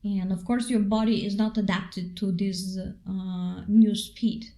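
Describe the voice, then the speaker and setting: A woman's voice: mid-range voice, flat delivery, measured pace, dark tone. A woman co-hosting a casual spiritual talk, speaking unhurriedly with many fillers. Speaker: co-host.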